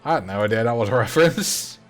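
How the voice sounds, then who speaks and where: A man talks casually over a live game stream, rambling along and answering his chat as he plays. He speaks into a desk microphone. Soft game music plays quietly behind his voice. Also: mid-range voice, animated, fast talker. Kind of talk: casual live gameplay commentary. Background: faint game music.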